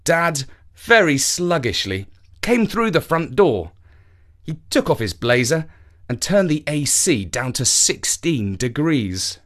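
Male storyteller, fairly high voice, very expressive delivery, reads for kids. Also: takes it slowly. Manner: animated storytelling, acts out characters. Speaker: story reader and presenter. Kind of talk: reading a children's story aloud.

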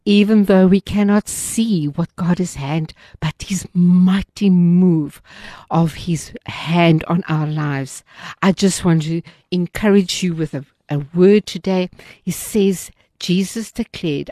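A woman's voice: fairly low pitch, a little slow, dark tone, no echo, clean studio sound. A woman hosting a Christian program, sharing an earnest, devout testimony and reading scripture, often restarting her sentences.

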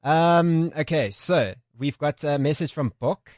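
A man hosting a radio show in a relaxed way, reading listener messages aloud. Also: on the high side, a little slow, slight background noise. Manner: laid-back, reads listener messages. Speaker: radio host. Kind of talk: casual radio chat. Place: radio studio. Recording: dry dull lo-fi studio sound.

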